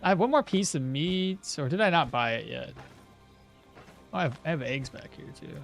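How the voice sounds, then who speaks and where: Lively, high-voiced male game streamer. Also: moderate pace, gravelly, faint music behind. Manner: chatty, answering chat questions while playing. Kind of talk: casual live-stream commentary.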